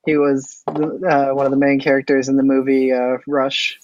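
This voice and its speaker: A man's voice: medium pitch, little pitch movement, moderate pace, a little mellow, slight background noise. A man chatting casually on a podcast with blunt, dry humor. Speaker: podcast co-host. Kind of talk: casual chat. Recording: dull dry mic sound.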